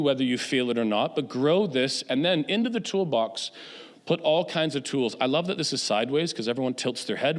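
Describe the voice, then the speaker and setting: Man speaking in a reverberant church hall. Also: medium pitch. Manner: conversational, anecdotal, quick asides. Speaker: guest speaker. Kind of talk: church talk on mental health. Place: church sanctuary.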